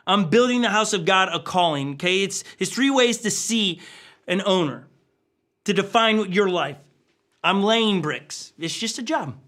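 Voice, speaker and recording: A middle-aged man preaching a sermon as a pastor, talking in a lively, jokey way and often acting out quoted voices. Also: sits high, a little slow. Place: church stage.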